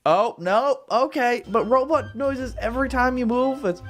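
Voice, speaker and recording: A man's voice: very high-pitched, measured pace. A man giving casual, jokey commentary while playing a game at home in his apartment, with sudden playful jumps in his voice. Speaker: gaming video host. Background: neighbor's music.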